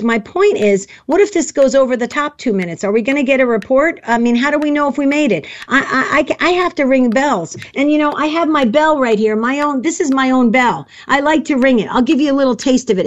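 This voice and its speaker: A woman hosting a live radio pledge drive, excitable and chatty, joking about herself. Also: high voice, brisk, hardly any pauses, lo-fi sound. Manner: excitable, chatty, self-mocking. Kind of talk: live radio fundraising chat.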